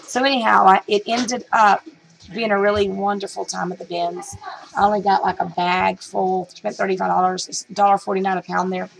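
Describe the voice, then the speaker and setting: Gravelly-voiced middle-aged woman vlogger. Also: mid-range voice, steady tone, fairly quick, poor audio. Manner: rambling, chatty, many fillers and restarts. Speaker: reselling vlogger. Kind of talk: casual storytelling vlog.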